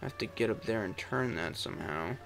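Gravelly young man swearing through gameplay. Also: lowish voice, animated, fairly quick, over music. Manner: swears a lot, exclaims, mutters to himself. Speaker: gaming channel host. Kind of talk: casual let's-play commentary.

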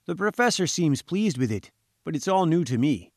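Storybook role: man playing a gloomy, jumpy engineer, pitched high and pushed loud, blunt and grumbling, dry sound. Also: very animated, normal speed, no room sound. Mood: uneasy. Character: gloomy, jittery male chief engineer underground.

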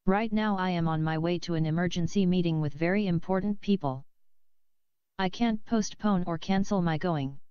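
A woman voicing an older male hajj who speaks gently and in a fatherly way to young women, on a slightly dull lo-fi recording. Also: lowish voice, moderate pace, clean tone, no echo, natural voice. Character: older male hajj, pious and self-regarding.

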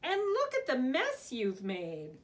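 A woman's voice: high-pitched, huge pitch swings, slow, slight background noise, heavily acted. A woman reading aloud as a hardworking, grumbling male mouse gardener in a storybook. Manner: grumbling, weary.

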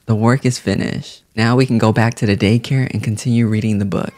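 Excitable young man commentating a game. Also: normal speed, over music. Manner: excitable, frequent laughs, voice leaps high when hyped. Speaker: gaming YouTuber.

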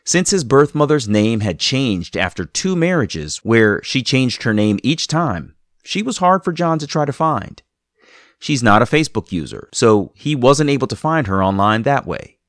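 Lively-voiced male podcast narrator. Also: mid-range voice, dry recording, clean studio sound. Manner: measured storyteller, narrating between clips. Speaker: podcast host. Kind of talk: scripted narration.

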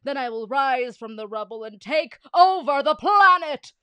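Woman putting on Doctor Diaper, a high, loud gloating villain. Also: lively intonation, unhurried, no echo, full character voice. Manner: grandiose, later flustered and embarrassed. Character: pompous villainous male cartoon scientist.

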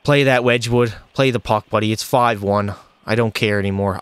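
Young male streamer, excitable frustrated game commentary; clean resonant voice, dry close mic. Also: mid-range voice, brisk, smooth, no room sound. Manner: excitable, frustrated, addresses chat as boys. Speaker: streamer playing a hockey video game. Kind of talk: live gameplay commentary.

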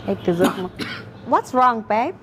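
A woman's voice: on the high side, expressive, measured pace. A woman playing a restaurant customer in a scripted skit, talking in an emotional, pleading way. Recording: noisy background.

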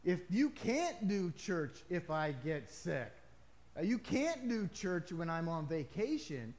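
A man's voice: high-pitched, big pitch swings, slow, a little mellow. A male pastor preaching a sermon to his congregation in a conversational way, with emphatic rises and casual asides.

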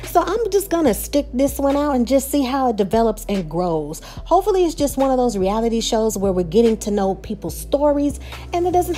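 A woman's voice: on the high side, warm tone. A woman with a Texas accent recapping and reviewing a reality show, chatty and opinionated, talking straight to her viewers. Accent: Texan.

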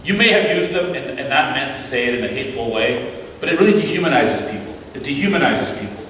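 A man giving an animated storytelling talk as a guest speaker at a church, acting out the voices in his stories. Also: medium pitch, quick pace, slight background noise. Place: church hall. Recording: echoey hall from far off, faint ambience.

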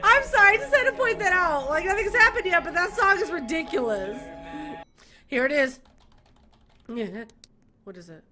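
A woman's voice: very high-pitched, expressive, moderate pace, long pauses, music in the background. A young woman reacting to a horror game, squealing, laughing and screaming in fright. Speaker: gaming youtuber.

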